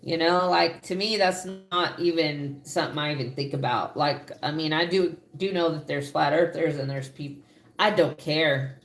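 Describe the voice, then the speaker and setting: Brief: Texan woman, lowish voice, teasing livestream co-host in an echoey kitchen. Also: moderate pace. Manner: chatty, teasing, reads viewer comments aloud. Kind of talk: casual livestream chat. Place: home kitchen.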